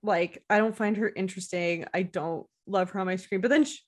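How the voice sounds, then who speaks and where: A woman's voice: medium pitch, fairly even intonation, a little fast. A woman hosting a podcast, chatting casually with lots of fillers and frequent laughter. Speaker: podcast host. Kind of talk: casual chat.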